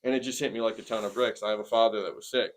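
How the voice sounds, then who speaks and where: A man's voice: on the low side, steady tone. Earnest man telling a hard personal story. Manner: earnest, plainspoken, many "um" pauses. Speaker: interviewee sharing a testimony. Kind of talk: personal testimony in conversation.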